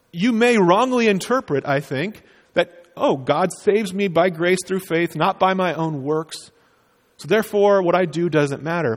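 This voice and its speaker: A man's voice: high voice, in a large hall. A male pastor preaching a sermon, explaining in an earnest way and stressing key phrases with emphatic rises.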